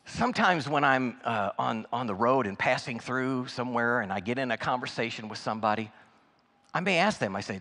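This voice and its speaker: A man's voice: medium pitch, expressive, a little fast, bright, forceful tone. A man preaching as a guest speaker, telling personal stories in a folksy, conversational way with frequent restarts. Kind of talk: sermon storytelling. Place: church sanctuary. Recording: reverberant church hall.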